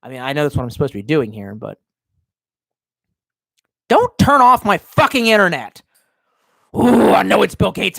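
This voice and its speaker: A man from the States streaming from his home basement, his pitch swinging widely as he rants. He swears freely, argues with himself, and bursts into yells, with a dry, close sound. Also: big pitch swings, moderate pace, vocal fry, pauses often, husky, no room sound. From United States. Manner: profane, ranting, talks to himself, sudden yells. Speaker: live streamer reading chat. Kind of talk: profane rambling stream chat.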